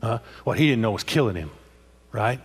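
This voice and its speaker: Husky guy preaching a sermon, fired up, repeats himself, keeps going huh? at the crowd. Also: fairly low pitch, lively intonation, a little fast. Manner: impassioned, repeats phrases and prods listeners with "huh?".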